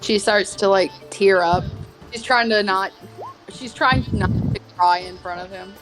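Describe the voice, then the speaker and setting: A woman's voice: mid-range voice, measured pace, music in the background, rough recording. A woman playing a tabletop role-playing game, speaking hesitantly and earnestly, often narrating her character. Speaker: player. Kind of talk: casual tabletop role-play.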